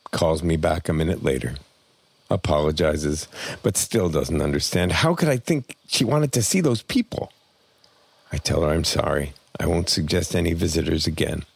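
A man reading a personal memoir aloud in plain, measured first-person storytelling. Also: low-pitched, gravelly, no echo. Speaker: memoir narrator.

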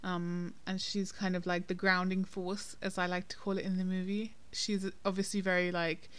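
A woman's voice: lowish voice, little pitch movement, normal speed, fairly bright tone. A woman co-hosting a casual film-review podcast, talking in a chatty, hesitant way with many ums and restarts. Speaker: podcast co-host.

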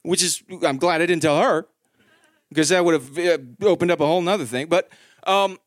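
A man in his thirties performing a stand-up comedy set, telling a story with animated delivery and acted-out quotes. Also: a little high, normal speed, no echo, clean studio sound.

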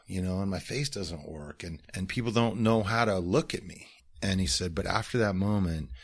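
A middle-aged man with a deep, husky voice talks earnestly and at length. He rambles, restarts his sentences and leans on fillers as he tells his stories. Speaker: musician promoting a film. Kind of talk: conversational storytelling.

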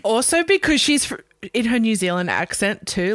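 A woman's voice: fairly high pitch, very animated, normal speed, a bit bright, no room sound, studio quality. A woman with an Australian accent co-hosting a casual pop culture podcast, talking in a chatty way with lots of fillers. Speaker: podcast co-host.

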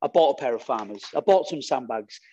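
A man talking as a podcast guest in an energetic, blunt and sweary way. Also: medium pitch, brisk, dull audio. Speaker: guest strongman athlete. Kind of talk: casual podcast chat.

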